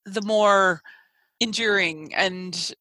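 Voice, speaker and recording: A woman co-hosting a casual chat show, animated and quick to laugh, often restarting her sentences. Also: mid-range voice, no echo, poor audio. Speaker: podcast co-host.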